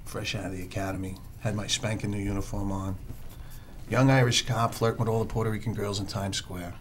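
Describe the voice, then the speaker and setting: An actor playing a world-weary police detective who tells rambling, sardonic street stories. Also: male voice, on the low side, steady tone, brisk, slight background noise, natural voice. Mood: storytelling. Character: wisecracking world-weary male NYC cop. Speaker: police detective under evaluation. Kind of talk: film dialogue, storytelling monologue.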